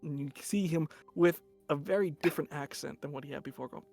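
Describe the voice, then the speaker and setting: A man's voice: fairly high pitch, fairly even intonation, fast, gravelly, few pauses, darkish tone, faint music behind. A man narrating a tabletop game as game master, setting scenes in a loose, casual way.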